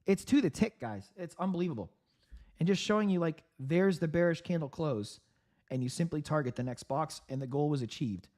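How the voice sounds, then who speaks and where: A man hosting a live trading stream, giving upbeat market commentary with frequent laughs, clearing his throat and coughing from a sore throat. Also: a little high, animated, fairly quick, darkish tone. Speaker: trading livestream host.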